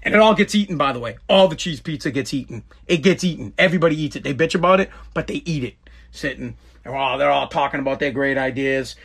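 A man telling a story in a casual, animated rant, acting out quotes and swearing freely. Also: a little high, fast talker, gravelly, slightly rough. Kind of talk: casual ranting monologue.

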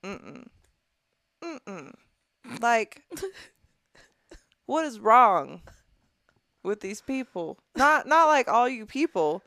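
A young woman co-hosting a podcast in a studio, with a gravelly edge to her voice. She reads a letter aloud and stops often to give blunt, profane opinions of it. The sound is close and dry. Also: fairly high pitch, very animated, very slow, pauses often, a bit bright, no echo. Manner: blunt, profane, disgusted commentary with frequent laughs. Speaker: podcast co-host. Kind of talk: casual podcast chat, reading a listener letter aloud.

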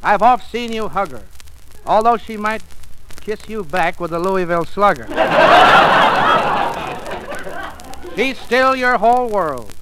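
A man's voice: high voice, lively intonation, a loud crowd, very noisy. A man guest-starring on a 1940s radio comedy, reciting comic verse in a hearty, folksy way. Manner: hearty, slow, folksy delivery of a comic poem. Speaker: guest star. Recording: old radio broadcast with music.

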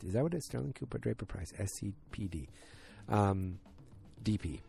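A man's voice: on the low side, animated, moderate pace, vocal fry, dark tone, breathy edge, faint music behind. A man casually recapping a TV episode, rambling with many fillers and restarts, and speeding up at the tense parts. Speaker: TV show recapper.

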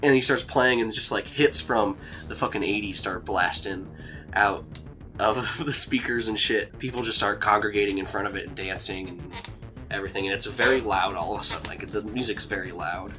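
A young man with a fairly low voice runs a tabletop game at a normal pace. He narrates in a rambling way full of fillers and chuckles as he goes, while music plays in the background.

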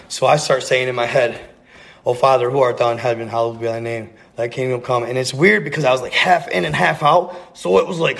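A man's voice: medium pitch, creaky. A man telling a rambling, profane story in a casual, earnest way, full of slang and repeats. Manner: earnest, intense.

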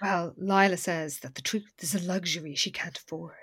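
A woman's voice: fairly low pitch, moderate pace, fairly bright tone, slightly rough, no echo. A woman co-hosting a podcast, recapping an episode in casual chat with dry, wry remarks. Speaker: podcast co-host.

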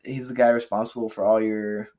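A man's voice: lowish voice, level tone, brisk, dark tone. A young man co-hosting a podcast, reading off historical dates and then making dry jokes in casual chat. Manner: reads "on this day" entries off a list, then cracks dry jokes.

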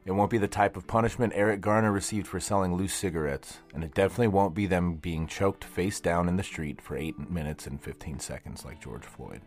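A man's voice: low-pitched, fairly quick, hardly any pauses, faint music behind. A man hosting his own podcast from a practice studio, talking in a blunt, profane, angry rant. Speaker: podcast host. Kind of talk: solo podcast monologue.

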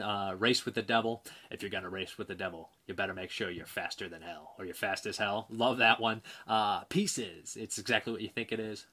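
Low-voiced rambling male movie reviewer. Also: a bit bright. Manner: rambling, hesitant, many fillers and restarts. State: dry mouth. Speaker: host of a movie review show. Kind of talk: casual chat, reading viewer comments.

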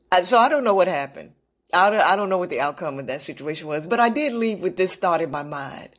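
A woman giving an unscripted, reflective talk on self-love, telling a personal story earnestly with frequent restarts. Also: medium pitch. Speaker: motivational vlogger.

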